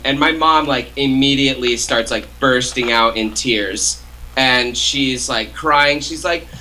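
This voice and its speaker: A man's voice: mid-range voice, measured pace, bright, forceful tone, rough recording. A young man co-hosting a casual chat, telling a rambling story packed with "like" and "uh" fillers. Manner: rambling, heavy use of "like" and "uh" fillers. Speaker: co-host.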